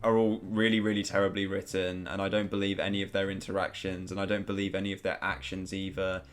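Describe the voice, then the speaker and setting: Opinionated man, low voice. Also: flat delivery, quick pace. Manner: opinionated, many restarts and fillers. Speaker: film commentary co-host. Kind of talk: casual film commentary chat.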